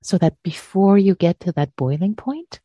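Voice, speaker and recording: A woman meditation teacher answering a question in a gentle, soothing talk, repeating words and trailing off. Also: lowish voice, expressive, moderate pace, dry recording, dull audio.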